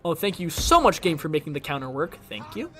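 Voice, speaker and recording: Lively, chatty young male streamer. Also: fairly high pitch, fast talker, faint music behind. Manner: chatty, jumps between topics, tries voice impressions. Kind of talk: casual gameplay rambling.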